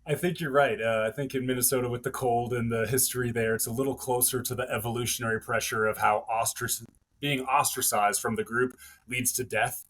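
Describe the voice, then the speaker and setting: A man co-hosting a podcast in relaxed chat, easygoing and thinking aloud as he talks. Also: medium pitch, a little fast. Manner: easygoing, laughs along, thinks aloud with fillers. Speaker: podcast co-host. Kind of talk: casual chat.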